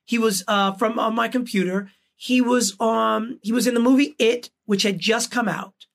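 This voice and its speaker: A podcast host in casual conversation, with a gravelly voice full of vocal fry. He speaks earnestly and stresses his points as he builds them. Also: very high-pitched, fairly even intonation, moderate pace, fairly bright tone.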